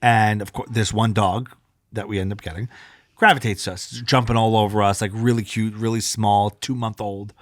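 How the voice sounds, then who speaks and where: A man in his thirties co-hosting a podcast, telling a long story in casual chat, animated, swearing freely and acting out what people said. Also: on the low side, moderate pace, dry recording, clean studio sound. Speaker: podcast co-host.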